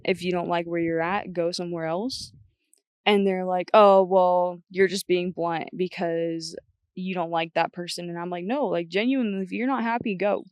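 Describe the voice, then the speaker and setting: A woman's voice: lowish voice, steady tone, moderate pace, smooth, no room sound. A young woman guest on a podcast, talking bluntly and chattily, often quoting herself. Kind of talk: casual chat.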